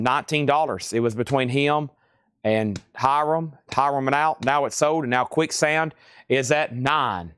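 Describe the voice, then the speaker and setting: A man hosting a live online vinyl record sale, calling out titles, prices and bids in quick patter. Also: mid-range voice, a bit bright, clear, resonant tone, dry recording, studio quality. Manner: rapid-fire auctioneer patter, hums tunes. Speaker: host. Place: record shop.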